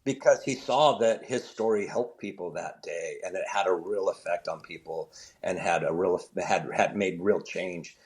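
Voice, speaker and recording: A man with a low voice talks at normal speed with barely any pauses. He's a comedian guesting on an interview show, spinning animated anecdotes and voicing the people in them.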